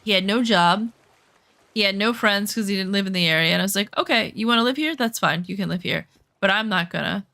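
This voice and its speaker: A woman's voice: mid-range voice, brisk, creaky, pushed and bright. A woman streamer telling a personal story while she plays a game. She talks candidly, swears freely and reenacts her own side of past arguments. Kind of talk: casual storytelling while gaming.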